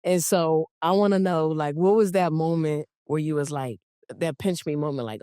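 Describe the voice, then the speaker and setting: A woman interviewer asking questions in a relaxed, casual chat full of fillers. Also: low-pitched, moderate pace, smooth, no room sound, studio quality.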